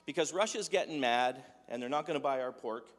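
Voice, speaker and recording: A man's voice: medium pitch, brisk. A man giving a humorous sermon in a conversational, joking way, full of rhetorical questions. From Dutch heritage. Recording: echoey hall with long reverb.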